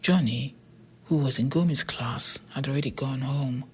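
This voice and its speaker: A breathy, husky narrator reads a storybook aloud in a steady, even way. The voice often drops to a near whisper, with pitch sitting in a middle range. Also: normal speed. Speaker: audiobook narrator.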